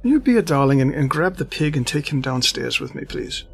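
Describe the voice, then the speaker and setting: A veiled madam who keeps a bordello, perfumed and sweetly commanding, voiced by a man. She speaks with polite insistence, and a gravelly rasp shows through. It is a tabletop role-play voice. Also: mid-range voice, very animated, brisk, a little hiss or hum. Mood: coaxing.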